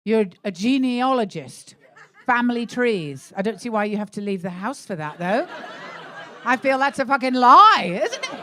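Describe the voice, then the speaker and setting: A woman's voice: on the high side, big pitch swings, moderate pace, sharp tone, slight background noise. A middle-aged woman doing live stand-up in a comedy club, blunt and sweary, teasing audience members about their relationships. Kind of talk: live stand-up crowd work.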